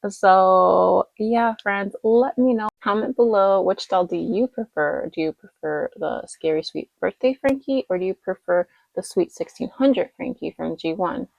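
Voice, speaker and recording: A woman's voice: mid-range voice, measured pace, creaky, few pauses, darkish tone, no echo, highs cut off. A woman casually reviewing dolls in a rambling, chatty vlog, tired late at night. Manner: chatty and rambling, lots of fillers and self-corrections. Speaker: doll collector vlogger.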